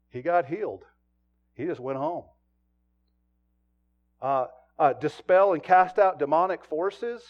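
A male pastor delivers a heartfelt sermon in a fairly high voice. He swings between fervent, loud exclamations and quiet, hushed asides. The recording sounds dull and lo-fi.

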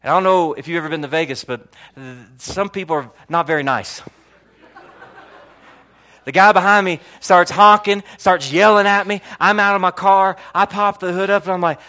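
In a high voice at a moderate pace, a man who pastors in Florida gives a sermon that includes a personal story. He's animated, leans on repetition, and swings from loud to soft.

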